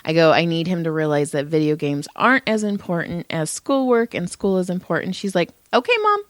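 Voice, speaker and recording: A woman's voice: lowish voice, a little fast, dry recording. A middle-aged woman co-hosting a podcast, telling family stories in casual chat, acting out voices and swearing freely. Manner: animated storytelling, acts out voices, swears. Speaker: podcast co-host.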